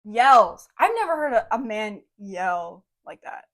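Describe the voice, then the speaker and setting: A young woman co-hosting a podcast, telling a story in a casual, animated way and saying "like" often. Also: mid-range voice, slow. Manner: animated storytelling, heavy use of "like". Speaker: podcast co-host.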